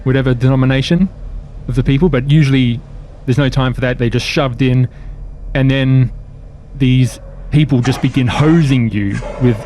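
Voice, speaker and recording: A man narrates a sci-fi tabletop game as game master, painting scenes slowly and in detail. His voice sits at an ordinary middle pitch, with faint ambient noise in the background. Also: steady tone, a little mellow. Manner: slow, descriptive scene-setting.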